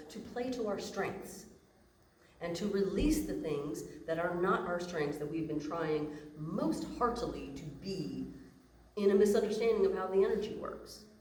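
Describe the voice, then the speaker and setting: A woman's voice: lowish voice, expressive, a little slow, a little mellow, a little hiss or hum. A woman giving a casual, playful talk to an audience as a human design teacher. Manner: casual and playful, acts out imagined inner voices. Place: room with an audience. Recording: echoey room from a distant mic.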